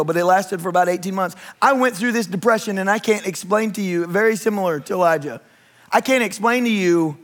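Animated high-voiced preacher man. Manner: animated preaching, rising to shouts; candid, self-deprecating personal story. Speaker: pastor. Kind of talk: sermon.

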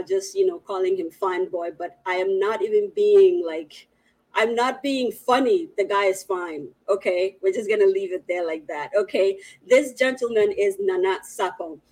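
A woman's voice: mid-range voice, normal speed. A woman hosting a live online show, effusively greeting viewers and reading the chat in a playful, laughing manner. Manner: warm greeting of viewers in many languages. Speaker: host of an online storytelling show.

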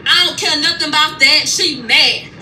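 A woman's voice: sits high, moderate pace, pushed and bright, reverberant, a little hiss or hum, rough recording. A woman recapping a reality show in a casual, blunt and heated way, swearing freely. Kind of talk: casual profane storytelling recap.

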